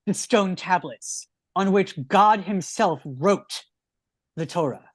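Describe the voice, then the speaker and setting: A rabbi in his thirties explains his points earnestly in relaxed conversation, often restarting his sentences. His voice is recorded dry and close, with no room echo. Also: high-pitched, takes it slowly. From United States. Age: 30s. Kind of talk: teaching in a casual chat.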